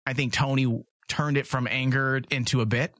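A man's voice: medium pitch, level tone, normal speed, fairly bright tone, no room sound. A young man hosting a casual podcast, joking and self-mocking. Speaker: podcast host.

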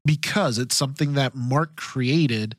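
A man's voice: medium pitch, measured pace, no echo, clean studio sound. A man co-hosting a podcast, chatting casually and enthusiastically, laughing often. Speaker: podcast co-host. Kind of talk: casual chat about a TV series.

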